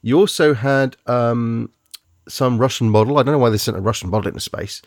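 A man's voice: medium pitch, brisk, no room sound, studio quality. A man hosting a casual chat about movies, rambling and joking as he goes. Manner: rambling, jokey, trails off.

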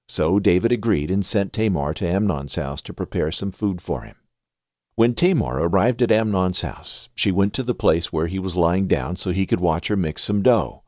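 A man hosting a podcast and reading scripture aloud in an expressive, scripted way. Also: deep voice, moderate pace, no room sound, clean studio sound. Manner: expressive reading with a lively rise and fall.

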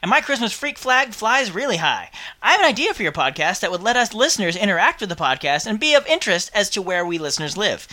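A man with a high, sharp-toned voice hosts a podcast, chatting upbeat and reading listener mail with chatty asides.

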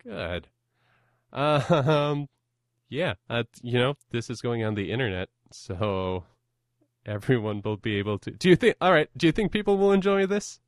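A man's voice: medium pitch, big pitch swings, unhurried, no room sound, studio quality. A young man hosting a podcast in casual, self-deprecating chat, rambling and often laughing. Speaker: podcast host.

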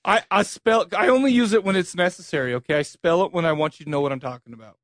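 A man's voice: high voice, fast talker, fairly bright tone, no echo, clean studio sound. A man co-hosting a podcast in casual chat, laughing often and teasing his co-host.

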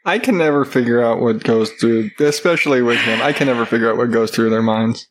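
A man's voice: mid-range voice, fairly quick. A man in his thirties co-hosting a family podcast, laid-back and joking, with casual swearing. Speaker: podcast co-host. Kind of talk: casual chat.

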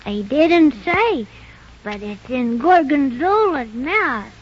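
A woman's voice: sits high, expressive, slow pace, slight background noise. A woman voicing an earnest young boy who politely scolds others, in 1930s radio drama style. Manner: scolding, earnest, bright child-like delivery. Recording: muffled old radio recording.

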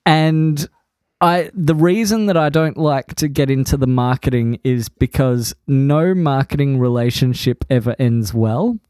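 A man co-hosting a podcast, chatting casually and joking with quick asides. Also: medium pitch, a little mellow, clear, resonant tone, no echo, studio quality. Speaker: podcast co-host.

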